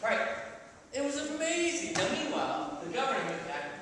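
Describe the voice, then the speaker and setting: A man telling a folktale to a live audience, playful and animated, often checking in with his listeners. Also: very high-pitched, moderate pace. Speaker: storyteller. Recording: echoey hall, mic far off, background noise.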